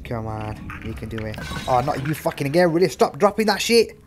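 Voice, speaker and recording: A man giving casual live commentary on a horror game, swearing freely and talking to the characters on screen, yelling when chased. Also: medium pitch, big pitch swings, brisk, noisy background. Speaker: gameplay commentator.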